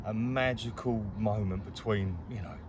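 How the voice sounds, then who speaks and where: A man's voice: on the low side, normal speed, background noise. A man chatting casually to camera while fishing outdoors by a lake, rambling, swearing freely and laughing often. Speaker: angler vlogger.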